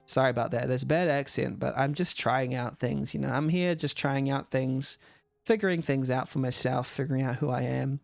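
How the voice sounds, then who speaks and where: A man's voice: mid-range voice, measured pace, vocal fry, a little mellow, faint music behind. A man commenting on a game in a livestream as a judge, rambling and self-mocking. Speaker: game jam judge and streamer. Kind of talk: let's play livestream commentary.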